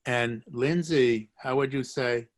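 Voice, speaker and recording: A man's voice: mid-range voice, takes it slowly. Jokey man teaching over a video call. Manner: jokey, encouraging, repeats phrases. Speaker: language teacher. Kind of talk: live online language lesson.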